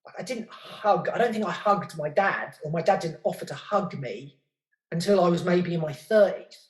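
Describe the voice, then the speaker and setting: A man's voice: high-pitched, normal speed. A middle-aged British man talking candidly in an interview, rambling, swearing freely and stumbling over repeated words as he thinks. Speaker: podcast guest and podcast host. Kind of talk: candid casual interview chat. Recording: roomy echo.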